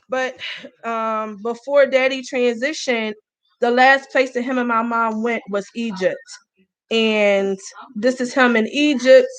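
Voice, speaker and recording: A young woman casually hosting a livestream, chatty and spiritual, pausing with sighs as she talks. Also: on the high side, fairly bright tone, low-quality recording. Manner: chatty, spiritual, gets emotional with sighs and pauses. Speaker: livestream host, herbal brand founder.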